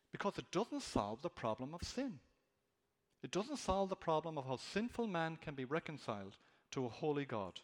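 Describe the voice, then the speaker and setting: A man's voice: medium pitch, in a large hall. A man preaching an expository sermon, earnest and emphatic, lifting his voice on key words.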